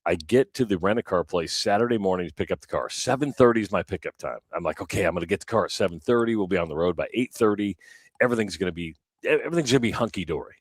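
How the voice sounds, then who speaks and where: Deep-voiced man telling a radio story. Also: very fast, no room sound. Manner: animated, acts out quoted voices. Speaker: radio co-host. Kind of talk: casual storytelling on morning radio.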